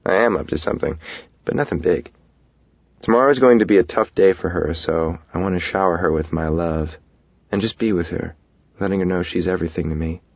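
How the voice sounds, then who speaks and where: A man narrating a first-person romance audiobook in a soft, intimate, reflective way. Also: sits low, brisk, creaky, no room sound, highs cut off.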